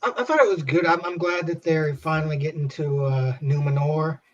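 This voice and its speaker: Laid-back man co-host, slightly high voice, muffled lo-fi sound. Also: fairly quick, slight background noise. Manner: laid-back, filler-heavy. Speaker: podcast co-host. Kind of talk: casual chat. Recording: dull lo-fi sound.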